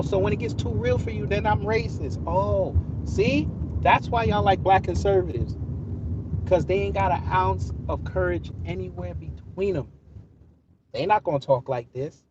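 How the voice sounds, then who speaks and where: A man with a high-pitched voice talks back to his chat while driving, sarcastic and combative. The sound is dull and lo-fi, caught on a phone inside the car. Steady road noise runs clearly underneath him. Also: measured pace, long pauses. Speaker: streamer answering live chat. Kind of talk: live-stream commentary while driving.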